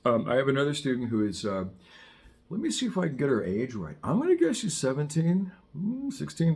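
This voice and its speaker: A man's voice: on the high side, huge pitch swings, a little fast, a little mellow. A middle-aged man teaching saxophone in a casual, chatty way, wandering into wry asides and digressions. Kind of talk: casual spoken lesson. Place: studio in Southern California.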